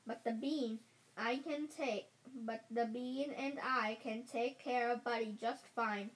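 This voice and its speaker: Kind, calm mother in a kids' storybook, voiced by the woman reading; reassuring tone, high and slow. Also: rough recording. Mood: gentle.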